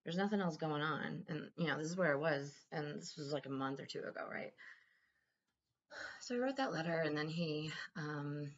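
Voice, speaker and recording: A woman's voice: low voice, normal speed, muffled recording. A woman talking candidly in a casual personal vlog, rambling and swearing freely. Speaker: vlogger.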